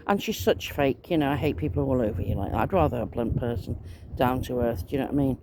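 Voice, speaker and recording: A woman's voice: very deep voice, fast talker. A woman chats on in a loose, rambling monologue. She sounds aggrieved and swears mildly as she goes. Faint noise hangs in the background. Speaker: vlogger.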